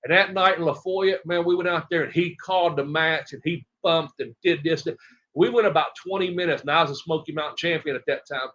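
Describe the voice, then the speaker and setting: A middle-aged man from Tennessee, a retired wrestler telling rambling, animated stories as an interview guest and acting out other people's lines. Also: fairly high pitch, fairly quick. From Tennessee, USA. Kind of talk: casual storytelling interview. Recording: dull lo-fi audio.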